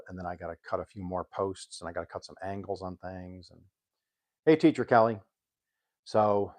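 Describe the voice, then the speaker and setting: An older man casually chatting on a cooking live stream, rambling and pausing with ums as he reads aloud. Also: fairly low pitch. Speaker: home cook hosting a live stream.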